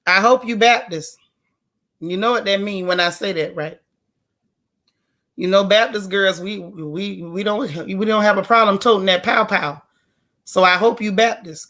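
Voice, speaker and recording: Raspy woman chatting. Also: fairly high pitch, fairly bright tone. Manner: chatty, folksy and outspoken, with Southern colloquial phrasing. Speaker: live stream host reading viewer comments. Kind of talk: casual live-stream chat.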